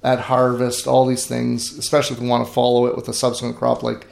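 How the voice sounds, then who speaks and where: This man speaks quickly in a monotone, his mid-range voice dark with vocal fry, recorded in an echoey room. A middle-aged grain farmer, he tells stories during an interview with earnest emphasis, frequently starting his sentences over.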